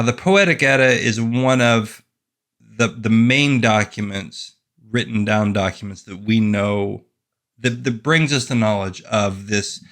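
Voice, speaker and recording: A man with a fairly low, slightly bright voice talks casually to camera on his own fantasy fiction channel. The author often strays into wry, self-deprecating tangents.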